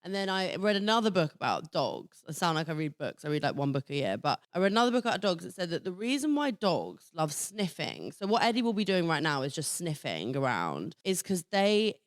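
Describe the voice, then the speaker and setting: A woman's voice: on the low side, very animated, brisk, few pauses, dry recording, studio quality. A woman comedian, a podcast guest, chatting frankly and rambling with laughs. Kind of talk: casual podcast chat.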